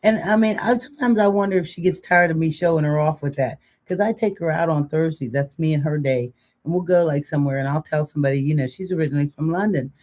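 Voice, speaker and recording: Co-hosting a relaxed live chat, this older woman jokes around, chats freely and drifts into long, rambling stories. She has a deep, slightly mellow voice and a quick pace.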